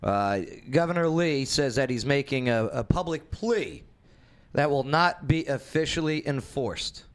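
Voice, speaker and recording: A man hosting a casual opinion talk show, blunt and jokey, animated and fond of asides. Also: mid-range voice, unhurried.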